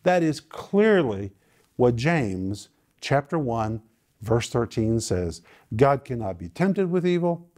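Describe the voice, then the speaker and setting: A male preacher teaching a sermon, emphatic and repetitive, with sudden swings in loudness and pitch. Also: sing-song, takes it slowly. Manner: emphatic, repeating phrases with sudden dynamic swings.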